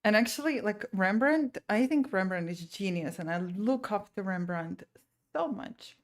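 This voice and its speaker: A woman's voice: mid-range voice, animated, unhurried. A woman streamer and painter chatting casually and venting with frustration, full of restarts and trailing thoughts. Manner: rambling and exasperated, many restarts. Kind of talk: casual live-stream chat.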